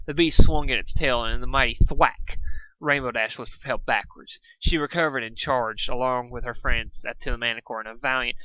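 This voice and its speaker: A man reading fan fiction aloud in a lively, dramatic storytelling way. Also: medium pitch, fairly quick, clean tone, no echo, dull audio. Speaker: fanfic reader.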